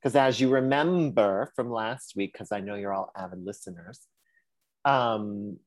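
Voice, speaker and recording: Male podcast co-host, casual and animated, swears freely, dry close mic. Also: on the low side, measured pace, dry recording. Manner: animated, swears, puts on sassy voices for quotes.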